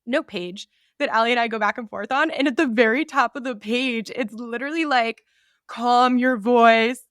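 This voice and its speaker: A woman co-hosting a podcast, excitable and slangy, talking casually with a guest. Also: on the high side, brisk, dry recording, studio quality. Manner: excitable, slangy, says dude a lot. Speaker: podcast co-host.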